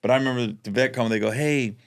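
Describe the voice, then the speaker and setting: A comedian co-hosts a podcast, telling stories in casual chat and acting out quotes in high voices. Racing also comes up.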